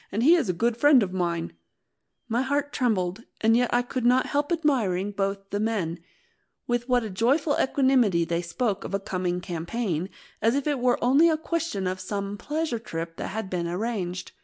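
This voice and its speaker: A woman narrates an old novel in a measured, earnest voice at a middling pitch. Her reading is steady and unhurried. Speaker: audiobook narrator. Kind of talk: scripted narration.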